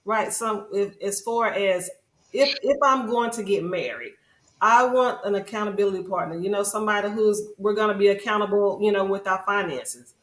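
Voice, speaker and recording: A woman's voice: medium pitch, normal speed. A woman hosting a podcast, chatting casually and earnestly in long, rambling stretches. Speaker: podcast host. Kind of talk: casual chat. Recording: roomy echo.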